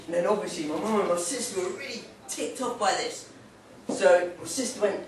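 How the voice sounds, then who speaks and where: A man's voice: sits high, lively intonation, normal speed, noisy background. Young male stand-up, rambling and playful; mic at a distance in a pub. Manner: rambling, joking, playful put-on voices. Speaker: stand-up comedian. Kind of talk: stand-up comedy set. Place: pub stage. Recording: echoey pub from far off.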